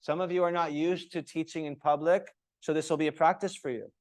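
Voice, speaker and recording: A man with a slightly high voice coaches a room of trainee yoga teachers, talking to them directly. He is animated, shifting his tone to act out examples and throwing questions back at the group. The room has a noticeable echo. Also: a little fast. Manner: animated, acts out different tones of voice, asks the group questions.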